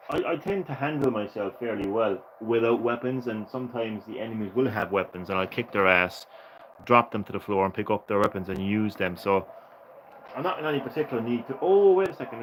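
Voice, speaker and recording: A man's voice: on the low side, a bit bright, a little hiss or hum, rough recording. A man giving casual let's play commentary, rambling and correcting himself, with sarcastic, profane rants at the characters. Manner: sarcastic, profane ranting asides; rambling, self-correcting chatter. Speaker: gaming channel host.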